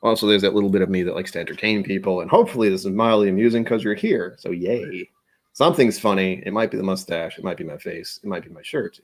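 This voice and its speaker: A man hosting a casual livestream, chatting and rambling, often trailing off into quiet asides. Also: low voice. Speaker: livestream host.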